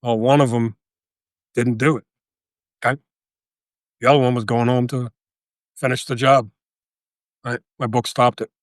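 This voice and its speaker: A man in his sixties, a guest telling a story in a casual interview, animated and profane, often checking with "right?". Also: medium pitch, normal speed, long pauses, no echo, studio quality. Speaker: guest, author and veteran.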